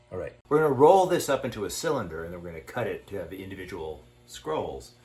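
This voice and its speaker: A man's voice: sits low, very animated, fast, a little mellow. A man co-hosting a cooking show, chatting casually and cracking rambling, playful jokes as he works.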